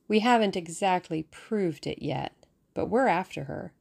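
A woman's voice: lowish voice, lively intonation, unhurried, gravelly, a little mellow, heavily acted. A woman reading a bold, playful young woman who poses as a detective, speaking theatrically and conspiratorially.

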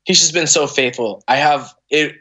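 A man's voice: fairly high pitch, moderate pace, sharp tone. A man in his thirties, a podcast guest, telling an emotional personal story in a candid, conversational way, earnest and full of restarts and fillers.

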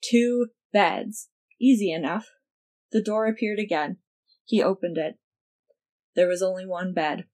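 A woman's voice: lowish voice, measured pace, pauses often. Wry woman reading fiction aloud. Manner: wry, expressive storytelling. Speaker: narrator.

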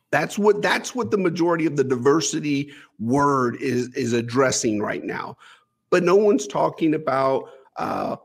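Husky-voiced man telling stories emphatically. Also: mid-range voice. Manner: emphatic, repeats words when stressing a point. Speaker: company leader sharing stories. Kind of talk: conversational storytelling.

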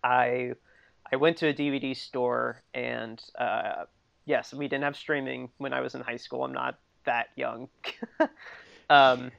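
Gravelly man rambling about films. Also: mid-range voice, level tone, unhurried, fairly bright tone, dry recording. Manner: rambling, full of "like" and laughs. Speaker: podcast co-host. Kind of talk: casual chat. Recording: dull lo-fi dry recording.

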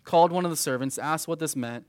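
A man's voice: a little high, quick pace, dry recording. A man in his thirties teaching a youth group verse by verse through a Bible passage, conversational and peppered with "right?" asides. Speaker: youth pastor.

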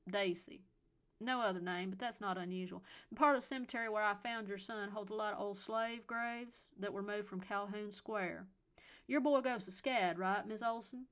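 A woman's voice: medium pitch, normal speed, fairly bright tone, lightly acted. Woman voicing an elderly Southern-accented male cop in an audiobook, patronizing and drawling. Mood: folksy. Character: elderly male Southern police officer, folksy, condescending.

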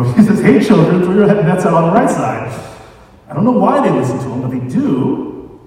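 A man's voice: medium pitch, a little mellow. A man preaching a sermon in a conversational way, mixing scripture reading with casual asides. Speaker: pastor. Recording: echoey hall, distant mic.

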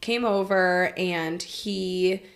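A woman guest on a podcast, telling a candid personal story in casual chat, animated and full of "like" fillers and swearing. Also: on the low side, extremely slow.

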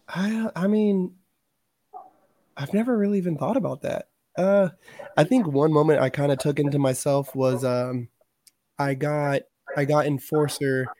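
A man's voice: on the high side, mellow, no echo. A man in casual chat, telling stories loosely with slang and plenty of swearing. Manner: loose, profane storytelling with slang.

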